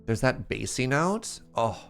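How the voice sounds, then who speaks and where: A man's voice: medium pitch, sing-song, measured pace, creaky, soft background music. A Canadian man from the prairies, streaming a game and chatting casually and playfully with his viewers, often joking at his own expense. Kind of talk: casual chat while playing a game.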